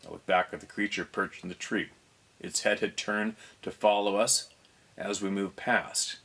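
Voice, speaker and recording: A man hosting a show, reading a first-person story aloud, unhurried, stopping now and then to reread or fix a slip. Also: fairly low pitch, fairly even intonation, sharp tone.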